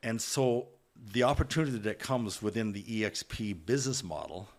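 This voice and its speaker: A man's voice: lowish voice, animated, moderate pace. A man talking earnestly and emphatically as a podcast guest, with frequent restarts. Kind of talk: candid podcast conversation.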